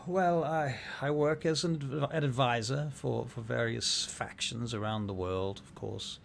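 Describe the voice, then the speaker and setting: A man's voice: medium pitch, unhurried, creaky, slight background noise. A man voicing a courteous, slightly pompous male information broker in a tabletop game. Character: polite, chatty male information broker from the north. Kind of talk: tabletop role-play voice.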